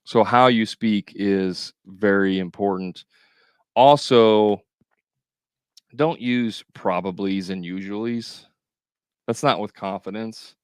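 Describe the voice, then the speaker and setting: A man's voice: fairly low pitch, fairly even intonation, slow, pauses often, clean tone, no room sound, clean studio sound. A man coaching contractors in a casual livestream, talking straight to viewers with joking asides.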